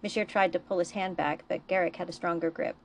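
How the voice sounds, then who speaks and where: Author-narrator, woman, steady storybook reading, low register. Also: fast, creaky, slight background noise. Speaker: author reading her fiction. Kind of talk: reading a novella aloud.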